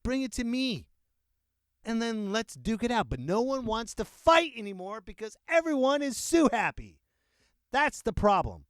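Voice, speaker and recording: A man's voice: extremely high pitch, normal speed, clean tone, no room sound. Dude ranting on his podcast, jokey, voice bouncing all over, close dry mic. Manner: animated, joking, laughs often. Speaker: podcast host. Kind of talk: unscripted comedic rant. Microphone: close podcast microphone.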